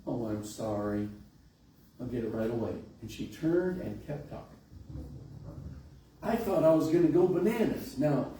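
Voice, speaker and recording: In a large church, a middle-aged male pastor shares a homespun, chatty story as part of his sermon. His mid-range voice has a dark tone, picked up by a distant mic amid echo and faint hiss.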